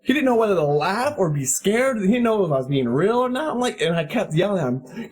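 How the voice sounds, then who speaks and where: Thirties male podcast host, high and lively voice, crude animated storyteller. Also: brisk, hardly any pauses, breathy edge. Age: 30s. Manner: animated storytelling, profane, laughs often. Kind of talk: casual chat.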